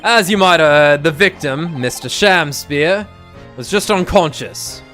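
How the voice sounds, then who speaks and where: A man voicing a brisk, officious British police inspector while reading game dialogue aloud on a stream. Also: on the high side, bright, forceful tone, faint music behind, pitched above the performer's own voice.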